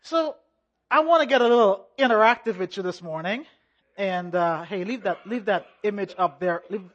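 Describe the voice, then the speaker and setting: A preacher delivering a sermon at a middle pitch. The delivery is measured and emphatic, with rhythmic repeated phrases and calls for the congregation to answer back. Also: highs cut off. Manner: call-and-response, rhythmic repetition. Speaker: pastor.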